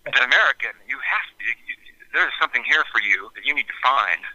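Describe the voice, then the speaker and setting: Rambling man with a bright, sharp voice. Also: medium pitch, lively intonation, fast, breathy edge, no echo, dull audio. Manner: rambling, many fillers and restarts, candid. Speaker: radio show host, guest. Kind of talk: casual interview talk.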